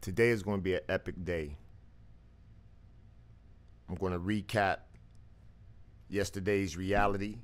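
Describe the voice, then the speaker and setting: A man with a booming voice hosting a live call-in stream, musing slowly and philosophically before taking callers. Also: steady tone. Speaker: live stream radio host. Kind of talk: reflective monologue and call-in chat.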